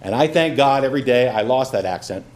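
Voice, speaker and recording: A man's voice: medium pitch, animated, fast talker, darkish tone, a little hiss or hum. Folksy middle-aged man giving a campaign speech. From Brooklyn, New York. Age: 50s. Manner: folksy storyteller, self-deprecating humor. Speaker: judicial candidate.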